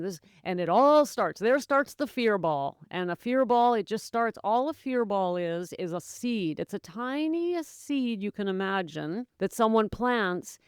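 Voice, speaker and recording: Woman podcast host, 40s, from North America, chatty and animated, smooth voice, dry close sound. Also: medium pitch, measured pace, no echo. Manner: chatty, animated, laughs often, addresses listeners as gals. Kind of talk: casual monologue to listeners.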